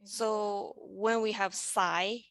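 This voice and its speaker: A woman presents over a video call, her mid-range voice unhurried and deliberate. She explains each idea step by step and leads her listeners through simple vocal exercises. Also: medium pitch, steady tone, fairly bright tone, no echo. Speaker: presenter in a panel dialogue. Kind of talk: online presentation on voice and music.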